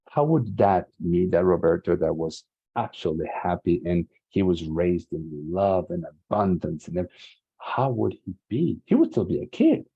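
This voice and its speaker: A man's voice: deep voice, vocal fry, warm tone, husky, lo-fi sound. A man in his forties from Latin America giving an earnest, emphatic motivational talk and repeating key words for stress. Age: 40s. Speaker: summit speaker.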